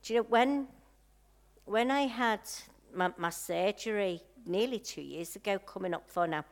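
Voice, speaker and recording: A woman preaching a sermon, telling a personal story in a slow, heartfelt way with soft pauses. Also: medium pitch.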